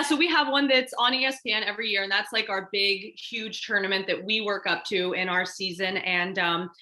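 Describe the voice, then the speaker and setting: A woman, a stunt performer and martial artist, telling stories as an interview guest and acting out the lines of the people in them. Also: medium pitch. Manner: animated, acts out quoted dialogue. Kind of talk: casual interview storytelling.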